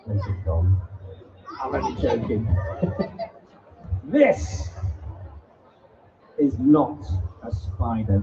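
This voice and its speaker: Very animated and mid-range, he draws out words with vocal fry and pauses often, over loud music and a loud crowd. He's a jokey showman presenting invertebrates and teasing children before a family audience in an event hall. Audio is a distant, dull live stream with faint noise.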